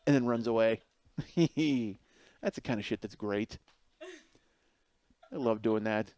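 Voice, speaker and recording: A middle-aged man hosting a podcast, telling a comedic story in an animated way, swearing freely and laughing through the punchlines. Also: medium pitch, unhurried, long pauses, no room sound. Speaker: podcast host.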